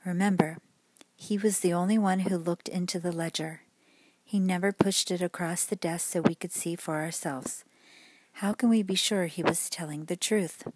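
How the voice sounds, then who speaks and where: A woman's voice: lowish voice, steady tone, moderate pace, a little mellow, husky, no echo, poor audio. A woman voicing an earnest, anxious eighteen-year-old boy detective in a bedtime story.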